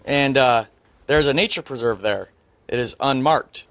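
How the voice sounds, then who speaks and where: A young adult man tells a story as a podcast guest, laying out the route step by step and tossing in dry asides. His voice sits at a middle pitch and sounds close and dry, with no room around it. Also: measured pace, a bit bright, no room sound. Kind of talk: casual storytelling chat.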